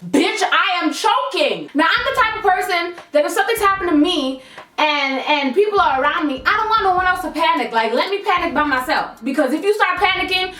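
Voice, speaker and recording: A young woman telling a storytime vlog in a lively, slangy way, swearing freely. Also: extremely high pitch, fast, echoey room, recorded from a distance. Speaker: vlogger.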